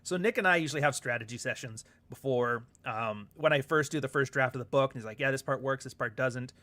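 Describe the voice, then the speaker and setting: A man's voice: medium pitch, brisk, sharp tone. Rambling, profane man chatting casually. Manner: rambling and profane, with frequent laughs; reads viewer comments aloud. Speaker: author and livestream host. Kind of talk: casual livestream chat.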